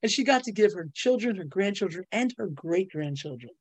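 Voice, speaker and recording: A middle-aged woman tells stories as a guest in a casual interview. She talks in bursts and laughs often, and her voice leaps higher whenever she reaches a punchline. The sound is dry and close to the mic. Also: lively intonation, a little fast, slightly rough, dry recording. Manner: bubbly storyteller, laughs often, voice jumps up on punchlines. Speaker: guest, ghostwriter and publisher. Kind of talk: animated casual interview talk.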